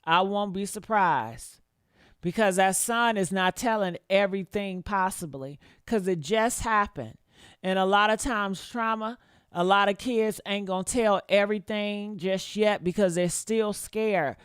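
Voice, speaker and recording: A woman's voice: medium pitch, measured pace, smooth, no echo, studio quality. A woman doing reaction commentary on a livestream, blunt and profane, repeating her points and talking straight to her viewers. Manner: talks straight to her chat, asks for likes.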